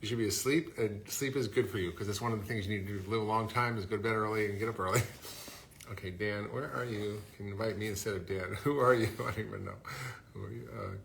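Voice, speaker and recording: A man's voice: on the low side, a little fast, vocal fry, a bit bright, slight background noise. A middle-aged man casually chatting on a phone livestream, upbeat and chatty as he greets viewers. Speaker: host.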